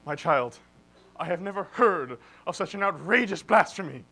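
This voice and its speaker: A man's voice: high-pitched, animated, normal speed, pushed and bright, soft background music, exaggerated voice. A man voicing a stern elderly priest hearing confession, solemn and scandalized.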